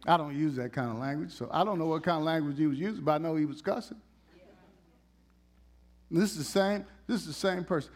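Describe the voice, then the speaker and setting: A man with a high voice preaches in a church. His sermon is animated and conversational, and he teases the congregation as he goes. He swings between loud, emphatic bursts and hushed, gentle passages. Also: a little fast.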